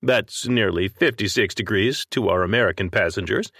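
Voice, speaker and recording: A man's voice: lowish voice, normal speed, fairly bright tone, no echo, clean studio sound. A man voicing an airline pilot making a cabin announcement, hesitant and full of fillers. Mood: folksy.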